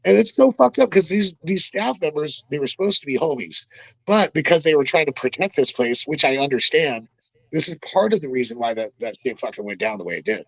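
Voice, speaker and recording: A man's voice: a little high, lively intonation, a little fast, vocal fry, fairly bright tone, no room sound, muffled recording. A man telling a story as a podcast guest, in a rambling, profane and emphatic way. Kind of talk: casual storytelling.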